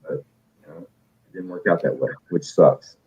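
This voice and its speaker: A man's voice: low voice, fairly even intonation, moderate pace, darkish tone, slightly rough. A man who is a caller on a live audio panel, talking in casual chat with emphatic, profane, rambling speech. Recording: tinny phone-line audio.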